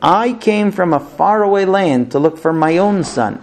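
A man's voice: high voice, animated, normal speed. A man voicing a grieving male wolf who pleads and swears solemn oaths in a storybook retelling. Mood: pleading, solemn.

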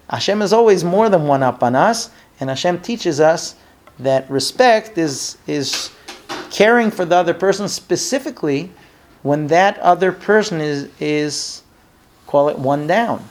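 High-voiced man teaching a Bible story. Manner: storytelling with acted-out dialogue, asks listeners questions; halting, repeats words when thinking. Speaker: Torah teacher. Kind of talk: classroom Bible lesson.

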